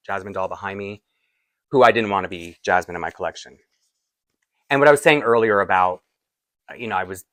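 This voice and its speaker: A man's voice: lowish voice, fairly bright tone, no echo. A man with a Canadian accent chatting casually through a doll unboxing, rambling with frequent little laughs. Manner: rambling, chatty, laughs often between asides. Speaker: doll collector vlogger.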